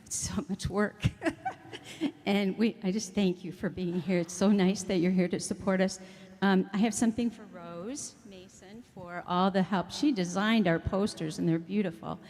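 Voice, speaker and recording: A woman's voice: medium pitch, steady tone, moderate pace, darkish tone. A woman who directs the choir gives chatty, emotional thanks to her helpers at a church event. Her voice sits in a middle range and drifts toward and away from the mic. The big hall adds a long echo around her. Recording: echoey hall, mic often far off.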